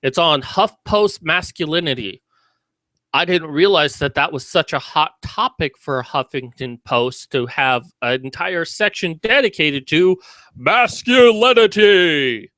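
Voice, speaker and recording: A man's voice: a little high, unhurried, bright, forceful tone, no echo. A man giving sarcastic, mocking commentary in a video about a news story.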